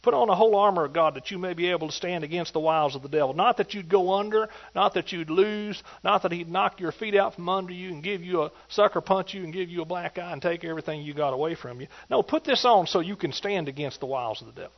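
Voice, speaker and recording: A man's voice: sits high, quick pace, few pauses, lo-fi sound. A man preaching a sermon with emphatic delivery, repeatedly calling out to his congregation for agreement.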